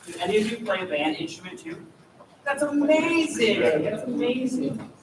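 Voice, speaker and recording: Lively high-voiced man leading a choir. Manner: encouraging, demonstrates vocal sounds. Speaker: choir clinician. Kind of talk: choir rehearsal instruction. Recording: echoey room, mic far off, noisy.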